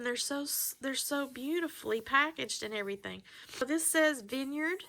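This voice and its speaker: A woman's voice: high voice, moderate pace, creaky, pushed and bright. A middle-aged woman chatting casually as she unboxes a package of handmade soap, gushing and exclaiming over each item. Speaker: vlogger showing handmade soap mail.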